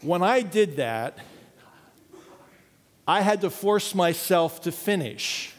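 A man's voice: high-pitched, expressive, slow pace, big-room sound. A man preaching as a pastor, earnestly leading his congregation through a unison reading. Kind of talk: sermon.

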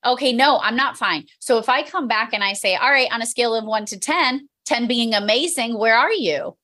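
A woman's voice: a little high, fairly quick, sharp tone. A woman who trains emergency dispatchers, telling an earnest, self-reflective story in a casual conversation and often restarting her sentences.

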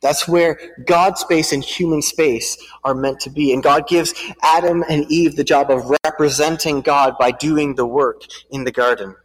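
Preacher, man, halting, with repeated words and storybook reading, fairly high voice, long hall reverb. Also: fairly even intonation. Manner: halting, repeats words, then reads aloud.

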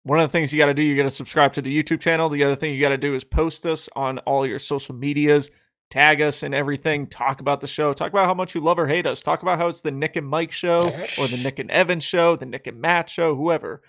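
A man with a slightly higher voice, upbeat and promotional as he co-hosts a podcast. He is recorded close and dry. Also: steady tone, quick pace, fairly bright tone, dry recording. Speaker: podcast co-host. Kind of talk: casual chat.

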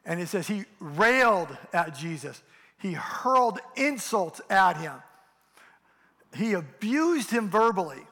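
A man's voice: sits high, lively intonation, takes it slowly, pauses often, sharp tone. A pastor preaching a passionate sermon, rising and falling as he drives his points home. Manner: impassioned preaching, acts out mocking voices. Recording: long hall reverb.

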